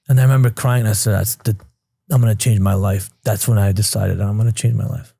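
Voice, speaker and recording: A man's voice: fairly low pitch, steady tone, brisk, vocal fry, dark tone, slightly rough, dry recording, clean studio sound. A man in his thirties from Queens, New York, a podcast guest telling his life story candidly and casually, swearing freely and acting out past conversations. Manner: blunt, swears freely, retells scenes with quoted dialogue.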